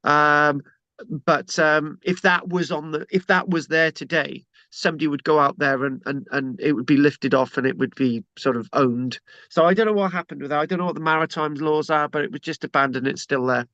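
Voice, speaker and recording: A man's voice: a little high, fairly even intonation, brisk, bright, forceful tone, no room sound. A man gives a casual, rambling history talk with many fillers and jokes. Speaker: local historian presenter. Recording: dull lo-fi dry recording.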